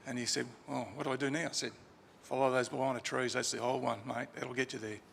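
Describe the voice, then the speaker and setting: A gravelly-voiced man tells an anecdote at a funeral in a loose, chatty way, stopping and restarting as he goes. He speaks into a lectern mic in a chapel with a long reverb tail. A faint room hum sits behind him. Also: medium pitch, flat delivery, a little fast, a bit bright. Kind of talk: informal storytelling eulogy. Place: crematorium chapel.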